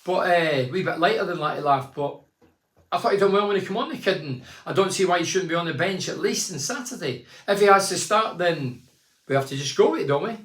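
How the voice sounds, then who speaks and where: A man in his sixties with a slightly high voice, chatting casually as a phone-in host. He reads out fans' messages and drifts into long stories. The room is echoey. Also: animated, brisk, a bit bright. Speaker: phone-in show host and former footballer.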